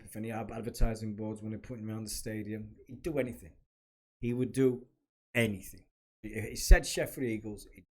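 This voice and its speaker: A chatty man who hosts a podcast and used to be a kit man reminisces in a casual monologue. His voice is fairly low, and he rambles with many restarts.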